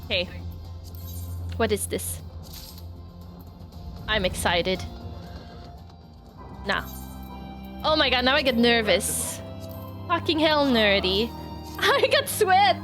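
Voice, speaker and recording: Woman streamer, high voice, easy slow delivery, giddy and teary, casual live chat. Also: expressive, a bit bright, soft background music. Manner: emotional, laughing, swearing, near tears. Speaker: game streamer.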